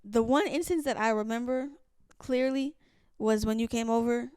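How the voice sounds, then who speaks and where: A young woman co-hosting a faith podcast, telling stories in a casual, animated way and acting out what people said. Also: on the high side, moderate pace, clear, resonant tone, no echo, studio quality. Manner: animated storyteller, acts out quotes, many restarts. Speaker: podcast co-host. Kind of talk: casual storytelling chat.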